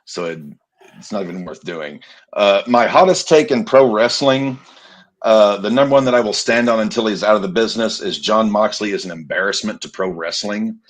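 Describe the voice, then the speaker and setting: A man's voice: fairly low pitch, moderate pace. A man co-hosting a casual chat, delivering blunt opinions. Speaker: podcast co-host.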